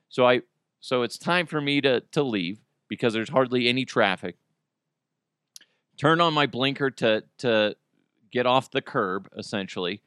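A man in his thirties hosting a podcast, telling a story in casual chat, animated and profane, with his voice jumping up in outbursts, on a close microphone. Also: medium pitch, a little slow, clear, resonant tone, no echo. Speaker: podcast host. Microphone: close studio microphone.

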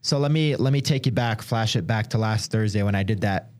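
A man's voice: lowish voice, a little fast, darkish tone. Chatty young man, rambling sports talk. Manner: rambling, lots of "like" fillers. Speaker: sports podcast co-host; hockey reporter. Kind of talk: casual chat.

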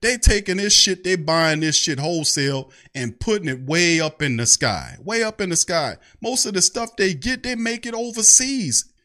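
A man's voice: high-pitched, lively intonation, moderate pace, sharp tone. A man hosting a fan show, ranting in an angry, profane way. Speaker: sports fan show host. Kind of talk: heated fan rant.

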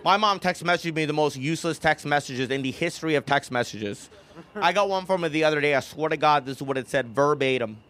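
A young man from the United States performing a stand-up comedy set, punchy and animated, slipping into mocking impressions. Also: a little high, quick pace. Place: comedy club stage. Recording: live club recording with crowd noise. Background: audience laughter.

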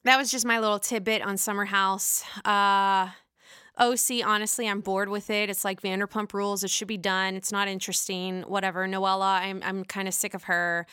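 A woman with a Pittsburgh accent hosting a casual gossip show about reality TV, excitable, gushing and swearing freely. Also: medium pitch, normal speed, smooth, no room sound, clean studio sound. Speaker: host.

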